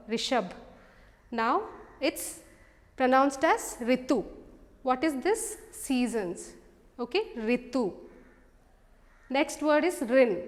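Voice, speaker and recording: Slow, high-voiced woman teacher. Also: long reverb tail. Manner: slow, drilled repeat-after-me delivery. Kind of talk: online class teaching. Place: home, online class.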